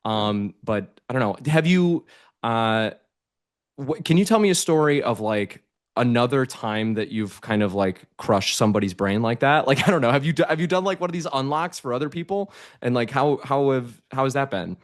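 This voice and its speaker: A man's voice: medium pitch, expressive, moderate pace. A man hosting a podcast interview, asking questions in a casual, rambling way with lots of fillers. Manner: rambling, many fillers and restarts. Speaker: podcast host.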